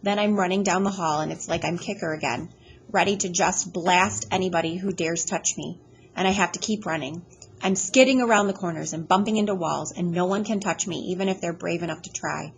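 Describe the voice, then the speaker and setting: Low-voiced woman reading an audiobook. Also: a little fast, creaky, slight background noise, rough recording. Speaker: audiobook reader. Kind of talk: first-person audiobook narration.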